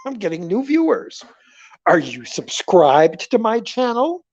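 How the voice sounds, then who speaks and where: Rambling man with a lively, swooping voice. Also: high-pitched, takes it slowly, no room sound. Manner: animated storytelling, jumps between loud and murmured asides. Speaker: livestream host. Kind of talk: rambling casual livestream chat. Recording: dull lo-fi livestream audio.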